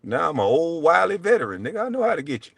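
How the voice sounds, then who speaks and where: A middle-aged man hosting his show, ranting in a blunt, profane way and swinging between low mutters and loud outbursts. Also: big pitch swings, quick pace, vocal fry, slightly rough, no echo. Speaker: show host. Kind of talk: heated livestream rant.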